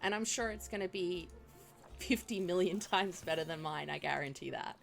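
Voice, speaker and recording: Gravelly low-voiced woman streamer. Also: moderate pace. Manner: chatty, talks back to viewers. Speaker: game streamer. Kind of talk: casual live-stream game commentary. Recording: music playing behind the voice.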